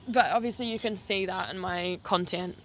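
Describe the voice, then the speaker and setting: A woman's voice: mid-range voice, fairly bright tone, a little hiss or hum. Chatty young woman from New Zealand. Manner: chatty, heavy use of "like", quick asides. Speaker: travel vlogger. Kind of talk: casual Q&A chat. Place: outdoors on an island.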